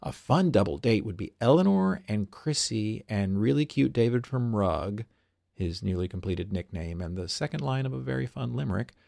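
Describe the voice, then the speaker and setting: A man's voice: lowish voice, lively intonation, moderate pace, creaky, mellow, no room sound, clean studio sound. A stage performer reading his own journal aloud, in a wry, observant way with little asides.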